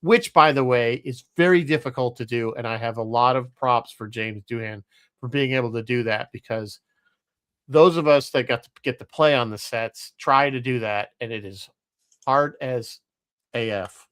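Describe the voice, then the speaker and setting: Man, podcast co-host, casual chat, mid-pitched voice, dry close sound, laughs often. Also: normal speed, a bit bright, smooth, no echo. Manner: chatty, laughs often, trails off and restarts.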